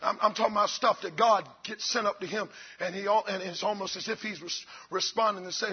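A man preaching a fiery sermon as pastor, swinging between shouted lines and low, quiet passages. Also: fairly even intonation, fairly quick, breathy edge, highs cut off.

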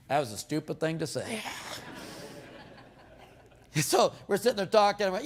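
Man, preacher, sermon, slightly high voice, animated storytelling, repeats words, jokes with the congregation. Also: fairly quick, long pauses.

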